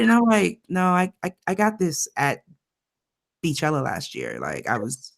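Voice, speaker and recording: A woman's voice: on the low side, normal speed, gravelly. Emphatic woman podcast co-host. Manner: animated, emphatic, repeats herself, slangy. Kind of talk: casual chat.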